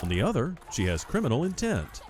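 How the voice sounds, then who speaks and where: A man giving measured, analytical scripted narration over video footage. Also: medium pitch, huge pitch swings, darkish tone.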